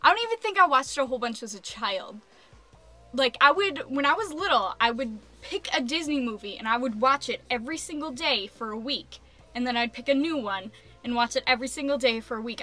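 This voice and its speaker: A young adult woman vlogging a casual rant, animated and exasperated, peppering her speech with "like.". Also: on the high side, a little fast, faint music behind.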